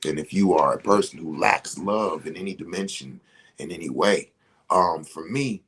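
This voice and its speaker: A man's voice: sits low, moderate pace, fairly bright tone, breathy edge. A man leading a motivational spiritual talk, preaching emphatically and speaking straight to his listeners as a ceremony facilitator.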